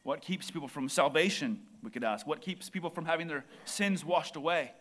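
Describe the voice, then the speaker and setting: A man preaching a sermon in church, impassioned and building to near shouts. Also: on the high side, a little fast.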